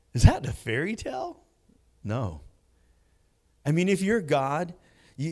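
A man preaching a sermon, swinging between hushed moments and loud bursts. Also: mid-range voice. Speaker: pastor.

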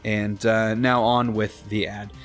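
A man's voice: on the low side, level tone, takes it slowly, faint music behind. Rambling, laughing man co-hosting a podcast. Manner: rambling, restarts often, laughs easily. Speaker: podcast co-host. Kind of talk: casual chat.

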